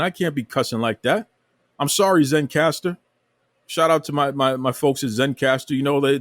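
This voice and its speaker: A man's voice: medium pitch, no echo. A man hosting his own podcast, delivering a heated, preachy rant that keeps repeating its points. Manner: fired up, preachy, repeats himself. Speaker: podcast host.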